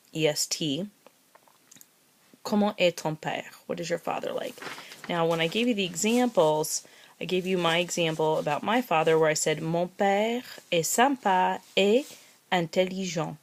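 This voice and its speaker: A woman gives a recorded lesson in a patient, methodical way. Her voice sits a little low. She repeats each phrase slowly and spells words out letter by letter. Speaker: French teacher.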